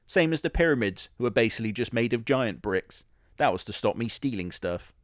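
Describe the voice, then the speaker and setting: A man playing a boastful, scheming Big Bad Wolf who defends himself in a deadpan, rambling comedy monologue. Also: medium pitch, fairly quick, dry recording, clean studio sound, natural voice. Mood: defensive. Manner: self-justifying, deadpan, rambling. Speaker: comic character monologue.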